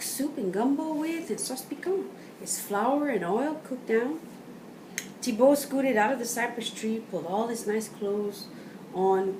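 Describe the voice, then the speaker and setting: A woman reading a picture book aloud to children, pausing to point at pictures and explain words. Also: fairly high pitch, mellow. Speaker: storyteller. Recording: roomy, from a distance, faint background noise.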